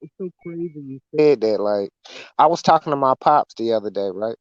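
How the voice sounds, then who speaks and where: A man's voice: medium pitch, lively intonation, a little fast, dry recording. A man joining a casual live chat as a guest over a call, emotional and slangy, laughing a lot. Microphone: remote call audio. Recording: dull lo-fi call audio.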